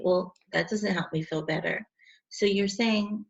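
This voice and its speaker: Creaky-voiced woman podcast host. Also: mid-range voice, measured pace, muffled recording. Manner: enthusiastic, uses Hebrew religious words. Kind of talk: casual interview chat.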